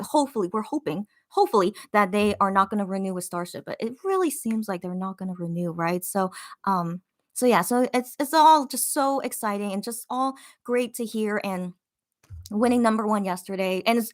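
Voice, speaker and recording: Bright-voiced excited woman fan host. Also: mid-range voice. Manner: excited, gushing fan talk with many fillers. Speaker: podcast host reading live chat comments. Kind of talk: casual livestream chat.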